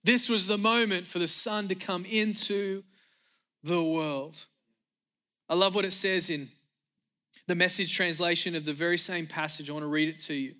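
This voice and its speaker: Pastor, male, high bright voice, emphatic energetic sermon delivery with repeated refrains. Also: moderate pace, clear, resonant tone.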